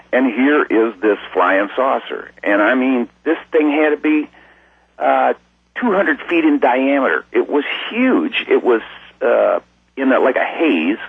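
A folksy, rambling man tells his story as a guest, his voice set a little low and slightly husky. It comes through a tinny, dry phone line, so it sounds thin and close with no room around it. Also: dry recording. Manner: folksy, rambling, animated when excited. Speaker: interview guest, musician. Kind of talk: casual storytelling.

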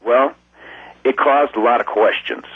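A man's voice: mid-range voice, measured pace, breathy edge, no room sound. Folksy man on a tinny phone line. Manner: folksy, rambling, animated when excited. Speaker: interview guest, musician. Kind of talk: casual storytelling.

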